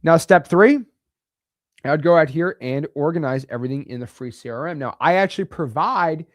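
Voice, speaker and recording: A man's voice: on the high side, normal speed, no room sound, studio quality. A man from the United States coaching real estate wholesaling in a blunt, emphatic, chatty way with slangy asides. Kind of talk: casual teaching to camera.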